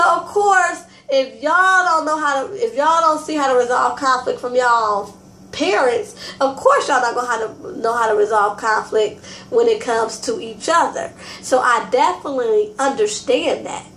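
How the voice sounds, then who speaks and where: A woman with a high voice gives a loose, chatty recap of a reality show, full of fillers and restarts. She talks straight to her viewers as y'all. The sound is roomy and echoey, with a faint hum of background noise. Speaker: TV review host. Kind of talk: casual recap and commentary.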